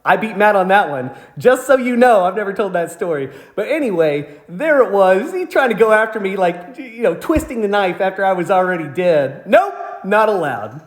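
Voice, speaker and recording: A man rants with fury and plenty of swearing while telling his own story. His pitch leaps up and drops back down through each angry outburst. He is recorded in a room with a noticeable echo. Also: very animated, normal speed, hardly any pauses. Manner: angry, ranting, profane, heated outbursts. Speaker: channel host telling a personal story. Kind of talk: casual storytelling monologue.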